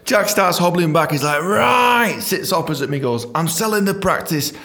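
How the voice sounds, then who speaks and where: A man telling a comic story from his own book, swearing a lot, laughing often and jumping into a squeaky high voice to act out his younger self. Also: a little fast, fairly bright tone. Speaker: comedian reading his memoir. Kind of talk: casual storytelling with read-out chapter.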